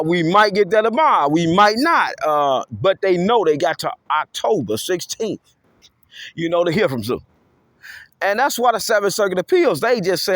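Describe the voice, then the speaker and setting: A man delivering a rambling, improvised monologue in an animated, preachy way, repeating call-outs and speaking of himself in the third person. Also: high-pitched. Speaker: self-styled local activist vlogger.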